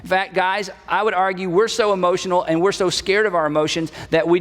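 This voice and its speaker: A middle-aged male pastor delivering a sermon in a high, bright speaking voice. He talks conversationally, repeating his key phrases for emphasis. His voice carries a long reverb from a church hall. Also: steady tone, brisk. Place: church sanctuary.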